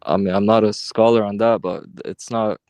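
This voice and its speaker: A man joining a live debate as a caller, speaking in a hesitant, halting way. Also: on the low side, steady tone, darkish tone, dry recording, clean studio sound.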